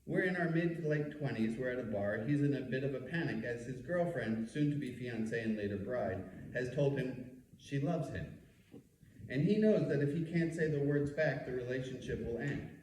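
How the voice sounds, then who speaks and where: A man's voice: medium pitch, normal speed, darkish tone, slight background noise. A man in his fifties from New York City, a rabbi reading his memoir aloud with a wry storytelling delivery and asides. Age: 50s. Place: meeting room. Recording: echoey room, mic far off.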